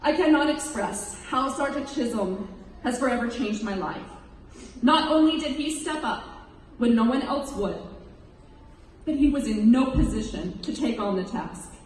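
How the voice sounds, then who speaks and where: A woman in her thirties speaks with a somewhat high voice, giving an earnest, emotional account to an audience. She sounds distant from the mic, her words ringing through a big echoey hall with a long reverb tail and a faint hiss underneath. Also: darkish tone. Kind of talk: personal testimony speech.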